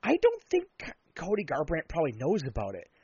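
A man's voice: a little high, huge pitch swings, quick pace, darkish tone, slightly rough, dry recording. A man co-hosting a podcast in casual chat, talking bluntly and sarcastically in long rambling turns. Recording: dull lo-fi sound.

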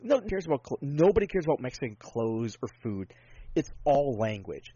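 A man's voice: mid-range voice, big pitch swings, a little fast, mellow, slightly rough, no room sound, muffled recording. A man in casual podcast chat, rambling and swearing freely with lots of enthusiasm.

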